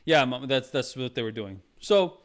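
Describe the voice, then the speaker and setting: A man chats casually to his stream viewers, rambling and restarting with plenty of fillers. He keeps calling them "Mama". His voice is smooth and clear and sits at a middle pitch. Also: animated, normal speed. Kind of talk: casual review chat.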